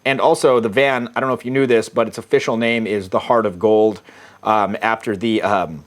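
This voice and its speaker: With a fairly low pitch and a steady tone, this middle-aged American man speaks at a moderate pace. He coaches people on dating and reads out his dating-app messages casually and profanely, often chuckling at his own jokes.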